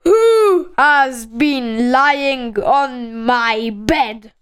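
A woman voicing a big, gruff male father bear, speaking loudly and drawing out each word in a storybook reading. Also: high-pitched, lively intonation, drawn-out words, full character voice. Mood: booming. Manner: loud and drawn out.

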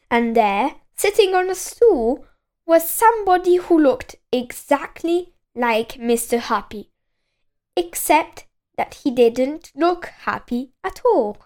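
A woman's voice: high voice, a little mellow. A woman reading a children's storybook aloud, often breaking into giggles.

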